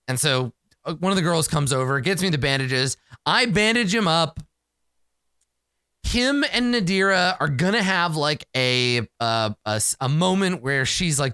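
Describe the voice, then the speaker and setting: A man's voice: fairly high pitch, unhurried, bright, forceful tone, smooth, dry recording, studio quality. A man narrating a solo tabletop game, talking to himself and swearing freely.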